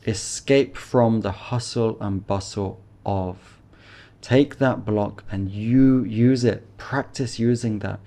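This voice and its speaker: A man teaching an IELTS speaking lesson, breaking down phrases and modelling a sample answer. His voice is low and gravelly with a mellow, dark tone. He talks in an encouraging way. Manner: encouraging, explains phrases then models them. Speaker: English teacher.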